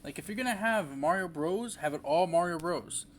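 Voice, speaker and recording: A man's voice: high voice, lively intonation, normal speed, a bit bright, slight background noise. A young man giving a casual, rambling movie review, full of fillers and restarts.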